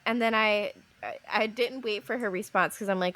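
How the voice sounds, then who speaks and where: A woman's voice: a little high, normal speed, hardly any pauses. A young woman co-hosting a podcast, telling stories in a casual chat, acting out quotes with a laugh. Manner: animated storytelling, acting out quotes, laughs often. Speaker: podcast co-host.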